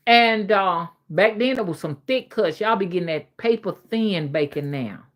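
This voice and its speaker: A woman with a Southern accent hosts a casual livestream, talking to her viewers in a folksy, old-fashioned way. Her pitch swoops up and down a lot as she talks. She chuckles often and reads out comments as she goes. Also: expressive, normal speed. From Alabama. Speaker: livestream host.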